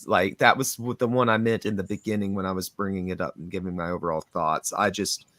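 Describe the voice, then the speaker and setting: A man co-hosting a casual review podcast, speaking in an earnest, measured and thoughtful way. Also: deep voice, steady tone, a bit bright, no echo. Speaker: podcast co-host.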